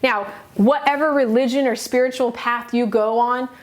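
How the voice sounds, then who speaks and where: A middle-aged woman coaching, earnest and emphatic, pausing between short phrases. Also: fairly high pitch, steady tone. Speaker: self-help coach. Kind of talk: motivational teaching talk.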